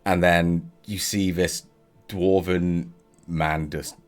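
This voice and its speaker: Deep-voiced male game master. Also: little pitch movement, slow pace, soft background music. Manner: casual, rambling, with fillers and chuckles. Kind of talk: narrating a tabletop game.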